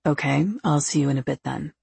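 A woman doing a low, terse brooding man. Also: little pitch movement, a little fast, creaky, darkish tone. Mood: curt. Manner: terse, subdued delivery.

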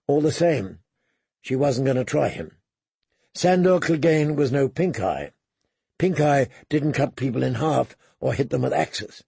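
Man, story narrator, gravelly, husky, measured reading. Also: mid-range voice, a little mellow, dry recording. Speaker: audiobook narrator. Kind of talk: scripted narration.

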